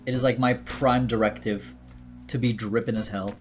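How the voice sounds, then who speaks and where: A man's voice: mid-range voice, fairly even intonation, normal speed, faint music behind. A man streaming a video game, chatting casually to himself and his viewers in a jokey way. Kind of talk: casual gameplay commentary.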